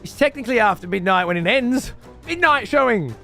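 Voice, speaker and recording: A prissy cinema worker in a squeaky, sing-song voice, as a man mocks him, high and faintly silly with quiet music behind. The tone is mocking and overdone. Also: lively intonation, brisk, gravelly, full character voice.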